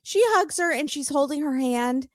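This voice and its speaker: A woman's voice: high voice, normal speed, dry recording, clean studio sound. A woman hosting a podcast, chatting casually about a reality show and acting out what the cast said. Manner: animated, acts out quoted cast members in put-on voices. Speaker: podcast host. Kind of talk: casual chat recapping reality TV.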